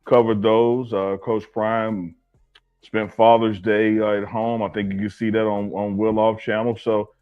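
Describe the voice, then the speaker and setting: A man's voice: on the low side, flat delivery, measured pace, smooth, phone-quality sound, faint music behind. A man from Alabama co-hosting a casual sports talk show, joking and teasing his partner. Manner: playful, teasing, sing-song shouts. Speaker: co-host.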